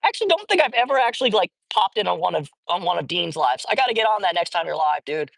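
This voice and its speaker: A man's voice: high voice, sing-song, quick pace, creaky, fairly bright tone, no room sound. Streamer, young man, casual and jokey, dry close sound. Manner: playful, joking, greets chat viewers, laughs often. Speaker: livestream host feeding stray cats. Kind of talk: casual livestream chat. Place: outdoors at a cat colony.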